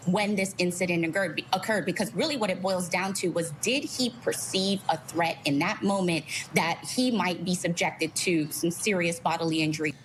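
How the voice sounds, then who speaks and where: Panelist, woman, lowish voice, careful and analytical, faint hiss. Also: normal speed, few pauses, low-quality recording. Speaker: panel commentator. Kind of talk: news panel discussion.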